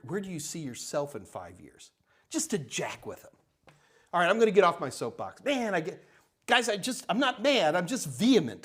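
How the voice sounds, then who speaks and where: An older man hosting a live tech Q&A, answering chat questions in a blunt, emphatic, ranting way. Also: high-pitched. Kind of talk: live Q&A stream.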